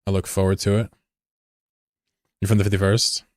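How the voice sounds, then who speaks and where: A man's voice: low voice, little pitch movement, normal speed, darkish tone, no echo. A man leading an online game fleet on a live stream, talking casually in a rambling, joking way with plenty of swearing into his desk mic. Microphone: desk microphone.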